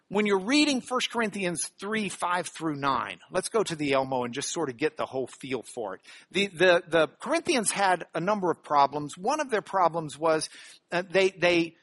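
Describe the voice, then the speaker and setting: A Bible teacher giving a sermon-style lesson, who repeats key phrases for emphasis, reads scripture slowly and deliberately, and asks the audience questions directly. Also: medium pitch, fairly bright tone, no room sound, studio quality.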